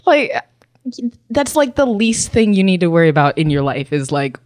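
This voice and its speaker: Woman, co-host type, low-ish voice, animated storyteller, dry close mic. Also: moderate pace, dry recording. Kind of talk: casual chat, storytelling.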